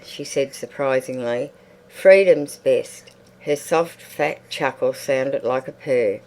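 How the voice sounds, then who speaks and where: A woman narrating a literary short story as an audiobook reader, in a measured and expressive way. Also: rumbling low, low-quality recording.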